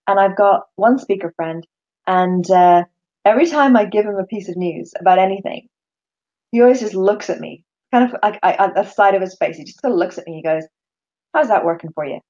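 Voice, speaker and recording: Animated woman in a mellow, slightly dull recording. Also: medium pitch, brisk. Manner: animated, acts out quoted voices, frequent restarts. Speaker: course leader and speaker. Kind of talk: casual conversation.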